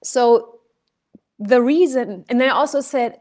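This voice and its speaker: A woman voice and speech coach talking casually, telling a story and shifting her loudness to illustrate her points. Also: fairly high pitch, measured pace. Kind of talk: conversational coaching talk.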